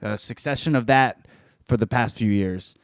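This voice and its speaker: A man's voice: mid-range voice, moderate pace, dry recording, clean studio sound, voice pushed down, lightly acted. A man voicing a crude, desperate last man alive. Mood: horny. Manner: crude, blurting. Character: lonely profane last man, boozy and desperate.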